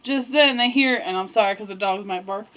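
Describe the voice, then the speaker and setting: A woman's voice: mid-range voice, brisk, fairly bright tone, poor audio. A woman practising a lesson by telling a children's story in a chatty, casual way, breaking off for asides. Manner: chatty, self-interrupting, with asides and laughs. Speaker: student teacher telling a story. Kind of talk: casual read-aloud storytelling.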